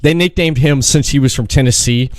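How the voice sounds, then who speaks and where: A man's voice: medium pitch, brisk, no room sound, studio quality. A man hosting a podcast interview, telling long rambling stories and laughing often. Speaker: podcast host. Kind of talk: casual phone interview.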